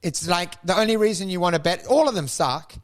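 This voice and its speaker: A man, co-hosting a casual podcast chat, animated and swearing freely. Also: high-pitched, fairly quick. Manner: animated, swearing, swings into loud put-on voices. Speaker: podcast co-host.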